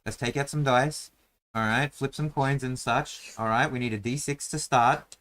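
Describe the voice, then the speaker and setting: A man's voice: mid-range voice, fairly even intonation, moderate pace, a bit bright. Rambling man sketching a dungeon. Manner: rambling, with many fillers and restarts. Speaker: host drawing a dungeon map. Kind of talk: casual chat while drawing and rolling dice.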